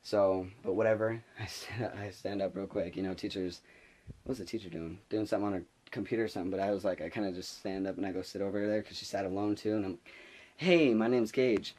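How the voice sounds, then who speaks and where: A man's voice: low-pitched, steady tone, quick pace, mellow. A young man telling a casual story to camera, rambling with lots of restarts and filler words, sometimes whispering quoted asides. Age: young adult. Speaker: vlogger.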